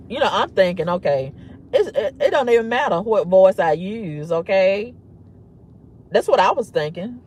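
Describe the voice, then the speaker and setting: A woman with a husky voice, telling a story to camera in a blunt, emphatic, often repetitive way. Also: mid-range voice. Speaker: vlogger. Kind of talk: candid storytelling rant.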